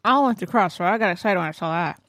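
A woman's voice: lowish voice, lively intonation, racing, a bit bright, dry recording. A woman co-hosting a podcast in a studio, chatting casually and rambling with restarts. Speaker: podcast co-host. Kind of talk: casual chat.

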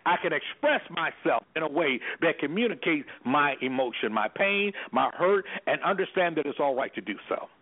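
A man's voice: fairly high pitch, animated, moderate pace, few pauses. A man speaking as an anger management specialist on a radio talk show, talking emphatically in a preacher-like way. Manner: emphatic, preacher-like, repeats "guess what". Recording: phone-line radio sound.

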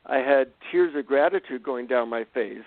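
A man's voice: mid-range voice, moderate pace, no echo. Man telling a story over the phone. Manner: animated, self-deprecating anecdotes. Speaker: guest, psychotherapist and author. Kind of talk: conversational storytelling. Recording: dry, tinny phone-line sound.

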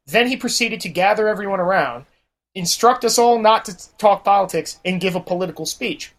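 A man's voice: sits high, brisk, a bit bright. A man telling stories as a podcast guest, swearing freely and mimicking the people in his anecdotes. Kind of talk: casual storytelling chat.

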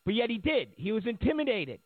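A man's voice: sits high, very animated, brisk, no room sound. A man delivering a sarcastic, mocking political rant, acting out the voices he quotes. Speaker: political commentator. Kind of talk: ranting monologue. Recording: tinny phone-like line, dry.

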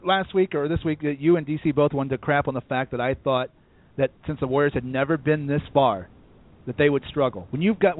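Fast-talking higher-voiced man, phone-tinny. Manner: opinionated, animated arguing. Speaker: sports show co-host. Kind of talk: casual sports talk. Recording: dry, tinny phone-like audio.

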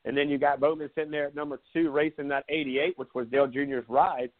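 A man's voice: fairly high pitch, steady tone, quick pace. A man in his forties from South Carolina, a sports talk host telling rambling, sarcastic stories in casual live chat. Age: 40s. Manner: rambling storyteller, laid-back and sarcastic. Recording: tinny phone-like line.

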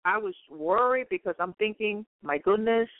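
Woman preaching, earnest and halting, lots of repeats, thin phone-line sound, dry. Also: mid-range voice, expressive, no echo. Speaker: guest speaker. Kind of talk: preaching testimony.

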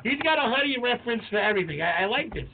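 A man's voice: very high-pitched, sing-song, very fast. Profane emphatic man, tinny sound. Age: 40s. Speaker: podcast co-host. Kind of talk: casual chat. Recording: tinny phone-like sound, faint noise.

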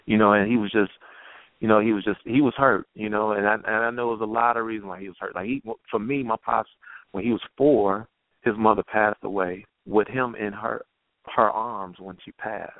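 A man guest telling a personal story in an earnest, halting way, with many restarts, heard over a tinny phone line. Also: lowish voice, fairly even intonation, dry recording. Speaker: guest poet.

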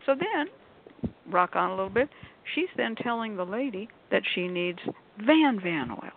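Animated woman storyteller, gravelly and phone-thin, acts out quotes. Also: mid-range voice, unhurried, a little hiss or hum. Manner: animated, acts out quotes, talks with many fillers. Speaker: shop worker on a call-in show panel. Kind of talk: casual storytelling. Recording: tinny phone-like line.

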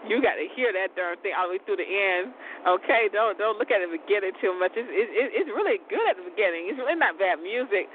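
High-voiced man rambling over a tinny line. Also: lively intonation, quick pace. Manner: rambling, laughs often, mild cursing. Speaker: show host. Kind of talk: casual rambling chat. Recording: tinny phone-like audio with vehicle rumble.

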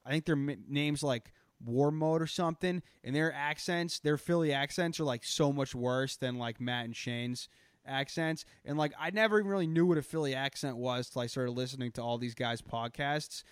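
A man's voice: mid-range voice, normal speed, clean tone, dry recording, clean studio sound. A man with a Boston accent co-hosting a podcast in crude, profane, rambling casual chat. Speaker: podcast co-host.

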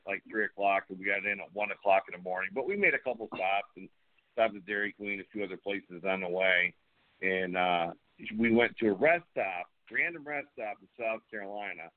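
A middle-aged man hosting a wrestling show, chatting casually with a promo-style swagger and calling people brother. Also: lowish voice. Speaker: host. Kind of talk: casual chat. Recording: tinny phone-like line.

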